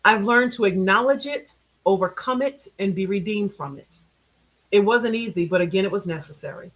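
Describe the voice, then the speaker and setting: A man acting as facilitator and host, speaking in slow, deliberate, reflective phrasing. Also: high-pitched, fairly bright tone. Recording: dull, muffled audio.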